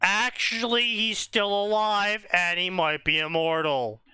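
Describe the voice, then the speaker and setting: A man's voice: high-pitched, unhurried, smooth, dry recording. Laughing man mocking a story. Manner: animated, laughs often, mocking. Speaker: stream co-host reading fan fiction. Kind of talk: casual comedic commentary.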